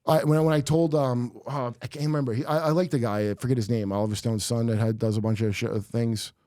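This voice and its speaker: A man's voice: medium pitch, steady tone, fast talker, warm tone, dry recording, studio quality. A man who is a comedian guest on a podcast, telling rambling, conspiratorial stories in casual chat.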